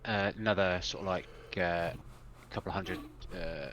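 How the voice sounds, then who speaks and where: A man playing a tabletop game, halting with many uhs. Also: sits low, steady tone, a bit bright, a little hiss or hum. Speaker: player.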